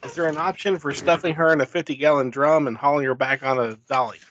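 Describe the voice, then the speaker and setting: A man's voice: a little high, steady tone, fast, fairly bright tone. A man joking around as a player during a group book reading. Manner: wisecracking, joking asides. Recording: dull audio with faint noise.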